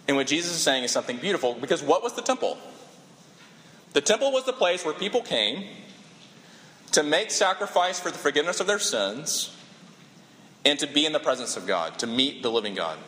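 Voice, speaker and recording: A man preaching a sermon with impassioned, animated storytelling and dramatic pauses. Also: fairly high pitch. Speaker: pastor. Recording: echoey hall with long reverb.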